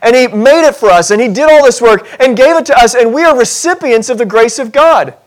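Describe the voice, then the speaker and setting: A man preaching a sermon as pastor of a church, animated and humorous, acting out little scenes in other voices. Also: very high-pitched, fairly quick. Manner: animated, acts out voices in scenarios, self-deprecating humor.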